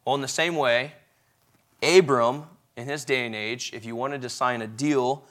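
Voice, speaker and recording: A man's voice: mid-range voice, moderate pace. Conversational man preaching a sermon. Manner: conversational, asks the audience questions; lively, shifting loudness and pace.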